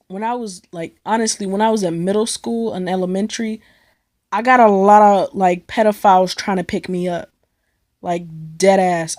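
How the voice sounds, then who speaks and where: A woman's voice: mid-range voice, darkish tone. A young woman from Cleveland telling a rambling, slang-filled story in a casual vlog, swearing freely. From Cleveland, United States. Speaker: vlogger.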